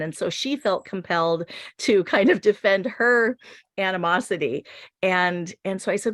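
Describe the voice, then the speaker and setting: A middle-aged woman, a teacher, recounting a story in a group talk, gentle and hesitant with many fillers. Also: mid-range voice, normal speed, no room sound, clean studio sound.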